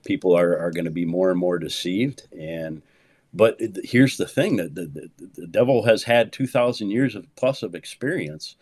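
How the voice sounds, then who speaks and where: A man in his fifties, a pastor, talking in an animated preaching way, swinging from low murmurs to loud, high exclamations and leaning on "man" for emphasis. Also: moderate pace, no echo. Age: 50s. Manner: peppers speech with "man", repeats words for emphasis.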